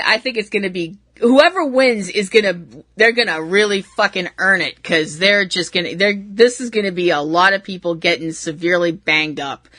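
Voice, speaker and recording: A woman's voice: medium pitch, bright, forceful tone, no echo. A middle-aged woman hosting a wrestling podcast, talking casually on her own in a chatty, profane, playfully exasperated way. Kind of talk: casual solo commentary.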